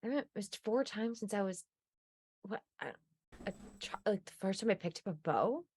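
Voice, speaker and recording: A woman voicing a young female archer who grumbles quietly to herself about her own mistakes. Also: mid-range voice, lively intonation, moderate pace, slight background noise, lightly acted. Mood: frustrated. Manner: muttering to herself.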